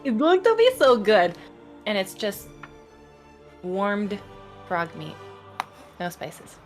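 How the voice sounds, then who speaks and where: A woman playing a tabletop game, speaking in halting, drawn-out phrases. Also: medium pitch, very animated, faint music behind. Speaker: player. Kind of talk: tabletop game play, casual chat.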